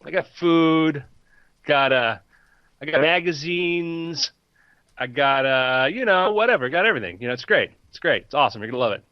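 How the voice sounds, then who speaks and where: Man playing an easygoing jungle-dwelling bro, raised-pitch voice, slightly muffled dry recording. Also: lively intonation, normal speed, clear, resonant tone, no room sound, lightly acted. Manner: placating, easygoing surfer-bro talk. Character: laid-back young male jungle loner bro.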